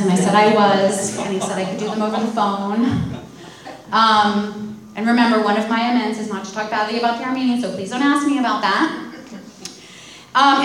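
A woman's voice: medium pitch, recorded from a distance. Woman sharing her recovery testimony, frank and wry, recorded in a heavily reverberant room. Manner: candid, self-deprecating humor. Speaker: speaker sharing recovery story at a meeting. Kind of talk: personal testimony talk. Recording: very echoey room.

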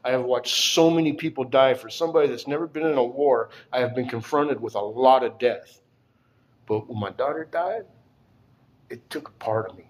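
Halting, heartfelt older man. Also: medium pitch. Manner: halting, plainspoken, emotional. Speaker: recovery meeting speaker. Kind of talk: personal testimony at a support meeting.

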